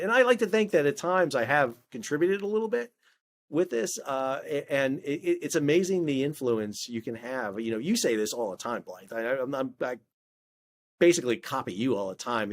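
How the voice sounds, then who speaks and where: Animated middle-aged man telling stories. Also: a little high, brisk. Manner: animated, many restarts, acts out quoted dialogue. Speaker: guest, maritime expert and video creator. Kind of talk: casual interview storytelling.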